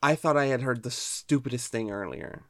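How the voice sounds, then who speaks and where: A man's voice: mid-range voice, expressive, normal speed, gravelly, fairly bright tone. A man co-hosting a casual film podcast, giving emphatic opinions and incredulous reactions.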